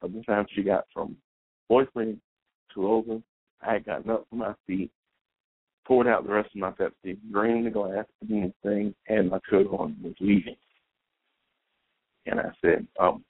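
A man's voice: on the low side, lively intonation, normal speed, creaky, long pauses, husky, no room sound. A man hosting a podcast, telling a long personal story in a rambling, anecdotal way and quoting both sides of the conversation. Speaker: podcast host. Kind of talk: storytelling monologue. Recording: tinny phone-like dry recording.

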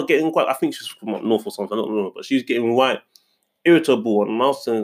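A man's voice: mid-range voice, animated, quick pace. A young man in casual chat, telling a story indignantly and rambling, with many restarts. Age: young adult.

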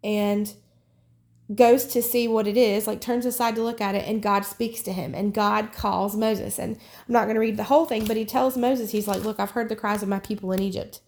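A woman's voice: medium pitch, fairly even intonation, normal speed, darkish tone. A woman hosting a Christian devotional podcast, talking in an earnest, rambling way with frequent restarts and repeated words. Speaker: podcast host.

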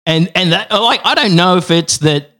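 A man's voice: sits high, moderate pace, pushed and bright. A man with an Australian accent, chatting as a podcast guest and telling rambling, playful stories. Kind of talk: casual podcast chat.

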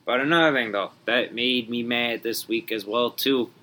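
A man's voice: medium pitch, normal speed, bright, forceful tone, low-quality recording. Rambling, joking young man ranting. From Wisconsin. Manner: rambling, joking, mock-indignant. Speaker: podcast host. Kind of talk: solo podcast rant.

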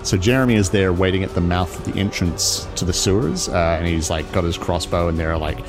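A man narrating a tabletop game as game master, talking in a halting way full of fillers and restarts. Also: low voice, music in the background. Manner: halting, filler-heavy storytelling.

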